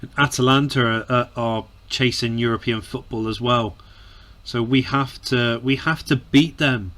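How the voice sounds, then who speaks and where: A man giving emotional casual commentary on his football management game, sighing, groaning and breaking into shouts, often repeating words. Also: medium pitch, steady tone, unhurried. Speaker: gaming commentator. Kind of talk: casual let's-play commentary.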